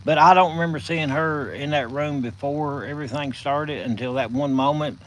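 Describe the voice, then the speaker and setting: A man with a Southern US accent hosting a casual live stream from his phone, telling stories in a folksy, drawn-out way. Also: a little high, a little hiss or hum, poor audio. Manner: folksy, drawn-out storytelling with chuckles.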